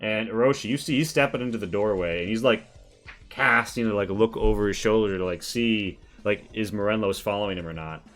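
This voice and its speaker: A man narrating a tabletop game as game master, casual and halting with many fillers. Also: lowish voice, a bit bright, soft background music.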